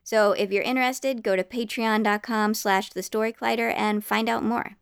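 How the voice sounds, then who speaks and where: Smooth, gravelly woman hosting a podcast. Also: on the high side, steady tone, moderate pace, no echo, clean studio sound. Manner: friendly, earnest appeal to listeners. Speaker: podcast host. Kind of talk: scripted announcement.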